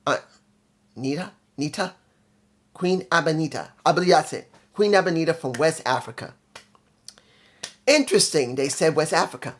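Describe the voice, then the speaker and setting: A man's voice: fairly high pitch, lively intonation, normal speed, long pauses. A man hosting his own channel, giving a casual spoken review in a blunt, emphatic way with dry sarcasm, often repeating his points. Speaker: show reviewer, channel host.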